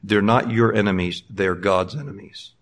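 At a moderate pace and fairly low pitch, a middle-aged preacher moves back and forth between hushed, conversational storytelling and loud, fervent urging in his sermon.

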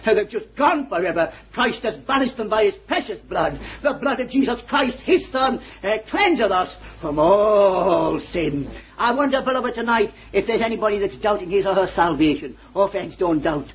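Fervent older preacher on old lo-fi tape. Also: male voice, high-pitched, animated, normal speed, hardly any pauses, slight background noise. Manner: fervent, rising to joyful exclamations, laughing. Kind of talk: sermon. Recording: dull old lo-fi sermon recording.

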